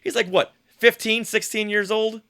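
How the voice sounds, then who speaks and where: A man hosting a casual comic-book podcast, teasing his co-hosts and reading panels aloud in a playful, animated way. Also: high voice, normal speed. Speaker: podcast host.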